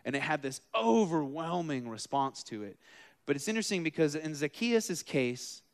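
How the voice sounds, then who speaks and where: A man in his thirties or forties preaching a casual, animated sermon, acting out the figures in his stories with asides to the room. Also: a little high, moderate pace. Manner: animated, acts out quoted figures, self-deprecating asides.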